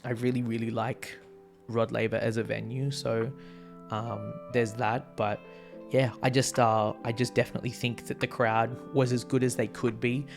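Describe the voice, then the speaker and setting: An Australian man hosting a vlog, chatting casually and excitably, swearing freely and laughing often. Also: medium pitch, moderate pace, creaky, music in the background. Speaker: vlog host. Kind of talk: casual concert recap.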